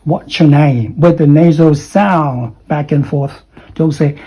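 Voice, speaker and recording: A man gives an online English pronunciation lesson, explaining and repeating example phrases with lots of fillers. His voice is on the high side, warm and slightly rough, at a slow pace, and the recording cuts off the highs.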